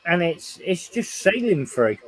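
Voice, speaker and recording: A man's voice: sits high, big pitch swings, a little slow, slightly rough, no room sound. A man in a casual live-stream chat who mostly agrees with short replies. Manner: agreeable, brief back-channel replies.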